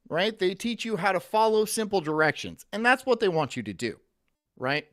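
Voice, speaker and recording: A man's voice: high-pitched, big pitch swings, moderate pace, fairly bright tone. A man streaming, ranting profanely and reading chat messages aloud in casual commentary.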